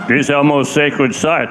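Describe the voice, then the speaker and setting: A man's voice: a little high, low-quality recording. A man doing a stern tribal chief. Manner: slow, broken, solemn speech.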